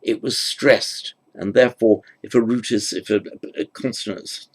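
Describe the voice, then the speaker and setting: A man's voice: lowish voice, fairly even intonation, normal speed, husky. A man giving a grammar lecture, thinking aloud with fillers and self-corrections. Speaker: teacher.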